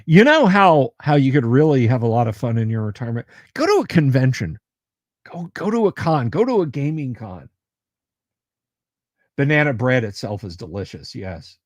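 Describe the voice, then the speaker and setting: A man hosts a casual livestream in a medium-pitched voice with big pitch swings and a moderate pace, recorded at studio quality with no room sound. He rambles, interrupts himself, and reacts to viewer comments as he goes.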